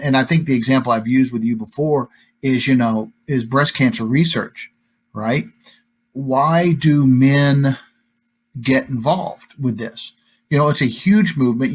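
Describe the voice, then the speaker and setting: A male teacher gives a relaxed, chatty lecture to his students. His voice is husky and sits at an ordinary pitch. He often checks in with a quick tag question. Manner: conversational, many fillers and tag questions. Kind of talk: recorded classroom lecture.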